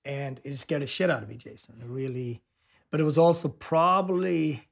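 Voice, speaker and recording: A man's voice: fairly high pitch, moderate pace, creaky. Storytelling man on muffled audio. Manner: rambling storyteller with many restarts. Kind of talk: casual conversation.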